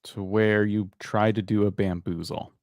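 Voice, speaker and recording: A man hosting a live-stream of channel reviews, giving opinionated critiques with jokes and animated asides. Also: on the low side, normal speed, dry recording, clean studio sound.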